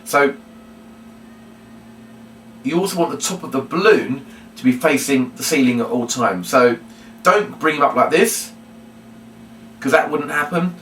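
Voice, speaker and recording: A man's voice: medium pitch, a bit bright, a little hiss or hum. A man teaching a puppet routine, chatty and explanatory, often repeating his reminders. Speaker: puppetry instructor. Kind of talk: demonstration tutorial. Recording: roomy, from a distance.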